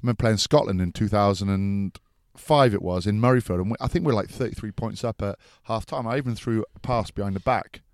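Low-voiced man in dry banter. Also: fast, few pauses, dry recording. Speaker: podcast co-host, former rugby player. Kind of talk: casual chat.

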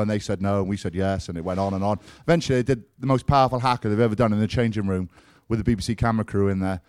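A man's voice: fairly low pitch, very fast, hardly any pauses, darkish tone, clear, resonant tone, dry recording, studio quality. A man hosting a live chat show, teasing his guests and swearing casually as he asks questions. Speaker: host. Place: crowded live-show venue.

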